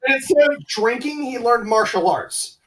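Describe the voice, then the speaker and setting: A man's voice: very high-pitched, animated, measured pace, fairly bright tone, poor audio. A young man co-hosting a podcast, retelling a film's plot in a crude, rambling, joking way. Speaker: podcast co-host. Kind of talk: casual comedic film review chat.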